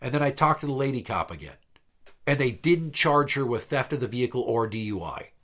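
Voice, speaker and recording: A man's voice: medium pitch, lively intonation, brisk, fairly bright tone. A man hosting a podcast, telling a long story in a blunt, profane, exasperated way. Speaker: podcast host. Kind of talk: casual storytelling chat.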